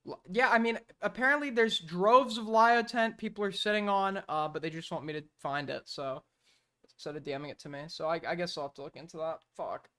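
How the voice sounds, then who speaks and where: A man's voice: high voice, brisk, fairly bright tone. Tired, foul-mouthed male streamer. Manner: profane, exasperated and rambling. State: sleep-deprived and tired. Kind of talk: casual reaction stream.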